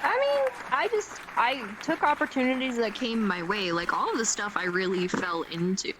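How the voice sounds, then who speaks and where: A woman's voice: mid-range voice, moderate pace, a crowd in the background, noisy background. A young Canadian woman as a guest on a streamed interview, chatting in an upbeat, earnest way and laughing often. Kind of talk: casual chat.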